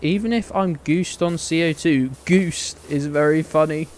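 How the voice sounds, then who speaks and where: A man's voice: on the high side, a little slow, few pauses, darkish tone, slight background noise. A man chatting casually and playfully while streaming a game, swearing freely. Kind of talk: casual live-stream chat.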